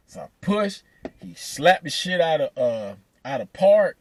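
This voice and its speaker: Man, storyteller, lively swooping voice, dry close sound, profane and laughing. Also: a little high, a little slow, no room sound. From Atlanta, USA. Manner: animated, profane, laughing between lines. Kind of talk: casual storytelling.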